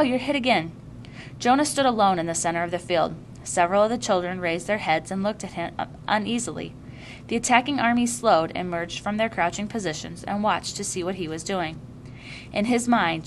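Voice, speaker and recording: A woman narrating a novel aloud with expressive reading. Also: fairly low pitch, slight background noise.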